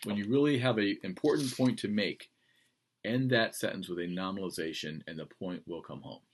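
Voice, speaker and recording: Guy lecturing his class on writing, gets emphatic and animated, tosses in playful asides. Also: fairly low pitch, fairly quick. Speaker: teacher.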